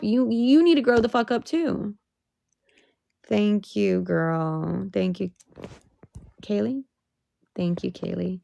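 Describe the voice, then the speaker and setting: A woman's voice: medium pitch, slow pace, creaky, pauses often, dark tone. A young woman venting on a casual livestream, emotional and swearing, rising into exasperated outbursts.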